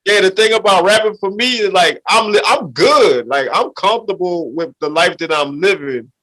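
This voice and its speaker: High, bright-voiced man, laid-back street talk. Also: moderate pace, rough recording. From Louisiana. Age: middle-aged. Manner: loose, repetitive street talk, "you feel me". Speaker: podcast guest, rapper. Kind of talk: casual chat.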